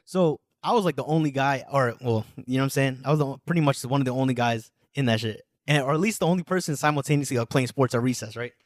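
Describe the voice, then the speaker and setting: A man's voice: mid-range voice, quick pace, few pauses, dry recording, clean studio sound. A man in his twenties from New Jersey, a guest musician telling his story in casual podcast chat, slangy and rambling. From United States, New Jersey. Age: 20s. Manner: slangy, rambling, full of filler phrases.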